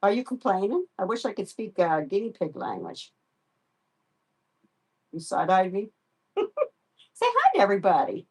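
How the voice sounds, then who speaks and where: A middle-aged woman hosting a home live stream, softly sweet-talking her pet and chatting casually with viewers. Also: mid-range voice, huge pitch swings, moderate pace, long pauses, husky. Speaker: pet livestream host.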